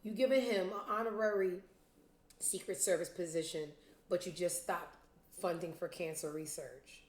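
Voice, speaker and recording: A woman's voice: lowish voice, steady tone, moderate pace, roomy sound. A woman hosting a casual commentary show, blunt, profane and sarcastic, talking straight to her viewers. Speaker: show host.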